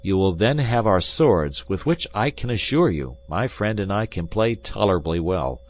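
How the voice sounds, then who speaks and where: Casting: man playing a brash, commanding young swordsman, lively and loud. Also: lowish voice, moderate pace, natural voice. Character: bold young male swordsman, quick-witted, commanding.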